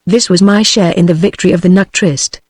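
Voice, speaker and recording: A text-to-speech woman's voice with a British English accent, reading a novel aloud at a steady, even pace. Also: fairly low pitch, fairly quick, slightly rough, no room sound. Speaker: audiobook narrator.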